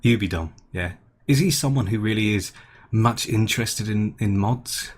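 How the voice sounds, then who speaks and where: A man's voice: fairly low pitch, moderate pace. A man co-hosting a gaming podcast in casual chat, rambling and restarting his sentences. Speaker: podcast co-host.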